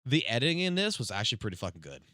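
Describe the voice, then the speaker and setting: A man's voice: medium pitch, wildly swooping pitch, racing, pushed and bright, slight background noise. A young adult man live-streaming casual reactions, swearing freely and slipping into mock-auctioneer patter. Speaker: livestreamer.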